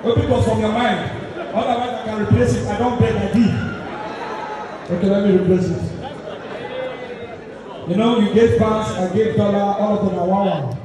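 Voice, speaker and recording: A man with a Nigerian accent working as MC at a live show, hyping the crowd loudly and slipping into Pidgin. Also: high-pitched, steady tone, moderate pace, long pauses. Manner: loud, rousing, mixes in Pidgin. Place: live show venue in London. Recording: echoey hall from far off, loud crowd.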